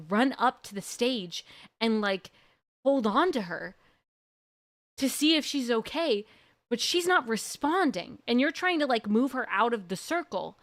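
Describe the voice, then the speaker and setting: A woman streamer casually retelling a long dream story, full of "like" and slow dramatic pauses. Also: a little high.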